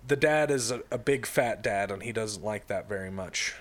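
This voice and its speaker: A man's voice: fairly low pitch, moderate pace. Rambling man retelling a story. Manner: rambling storyteller with many fillers and restarts. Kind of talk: casual chat.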